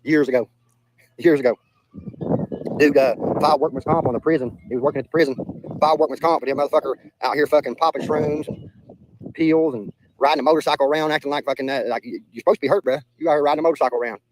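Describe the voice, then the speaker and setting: A man's voice: a little high, fast talker, background noise. A young man with a Southern US accent who streams live and reacts to his chat in a blunt, profane, casual way, often repeating himself. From Southern United States. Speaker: livestreamer reading chat.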